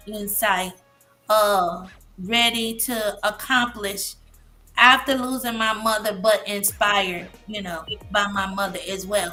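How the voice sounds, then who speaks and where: A woman in her fifties sharing an emotional personal story as a guest on a live show, halting and full of fillers. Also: a little high, pushed and bright. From Massachusetts. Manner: halting, many fillers and restarts. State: emotional, near tears. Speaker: guest speaker, licensed therapist.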